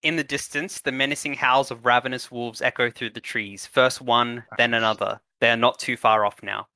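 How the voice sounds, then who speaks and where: A man's voice: mid-range voice, fairly even intonation, moderate pace, bright, forceful tone, no room sound. A young man narrating as game master for a tabletop game, hesitant and full of ums while improvising.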